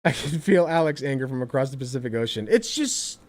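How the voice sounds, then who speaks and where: A man streaming reaction commentary, ranting in an animated, exasperated way with lots of swearing. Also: medium pitch, fast.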